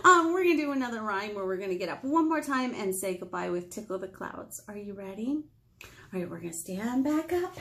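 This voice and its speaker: A woman librarian reading a picture book aloud to young children, gentle and encouraging. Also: mid-range voice, lively intonation, fairly quick, a little hiss or hum. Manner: gentle, encouraging, sing-song. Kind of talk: storytime read-aloud for children.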